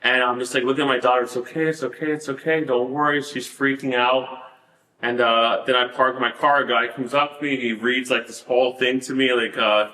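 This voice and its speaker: A man recounts his story as a podcast guest, rambling and stacking fillers as he goes. His voice is bright and forceful, and it rings a little in a roomy space. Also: medium pitch, level tone, brisk. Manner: rambling, many "like" fillers, laughs at the absurdity. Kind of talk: storytelling in a casual interview.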